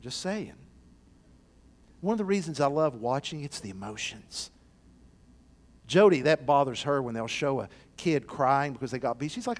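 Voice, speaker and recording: Preaching at a moderate pace with long pauses, a male pastor moves between hushed, low stretches and loud, excited, shouted moments. He brings the parables' characters to life by acting them out.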